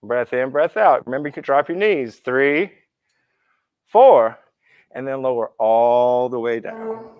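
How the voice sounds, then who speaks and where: A man's voice: medium pitch, expressive, a little slow, clear, resonant tone, no room sound, lo-fi sound. A man teaching a live yoga class, counting students through poses with encouraging cues and playful asides. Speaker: yoga instructor. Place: indoor yoga class room.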